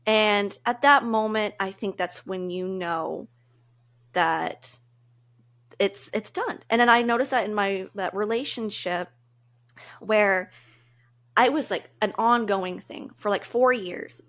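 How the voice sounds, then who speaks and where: A woman's voice: mid-range voice, unhurried, a bit bright. A woman co-hosting a podcast, talking through relationship advice in a casual, earnest, reflective way and laughing easily. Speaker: podcast co-host.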